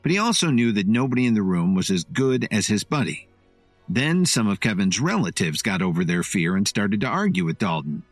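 Man narrating a story, low voice, lively expressive delivery, dry close sound. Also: a little fast, dry recording, soft background music.

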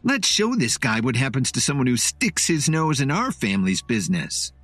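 A man's voice: medium pitch, sing-song, moderate pace, a bit bright, breathy edge, no echo, soft background music, pitched above the performer's own voice. A man voicing a hostile woman who snarls and scolds in a storybook reading. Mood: scolding. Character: bossy hostile middle-aged woman.

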